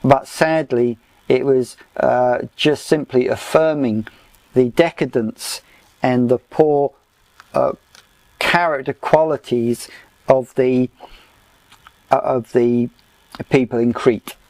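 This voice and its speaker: A man teaching a Bible study lesson in a measured lecture style, often pausing with "uh" as he explains his chart notes. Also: medium pitch, steady tone, darkish tone, dry recording. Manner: slow, measured, with frequent "uh" pauses.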